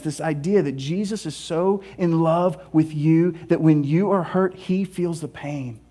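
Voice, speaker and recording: A man preaching a sermon as a pastor, in an animated and conversational way with casual asides. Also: fairly high pitch.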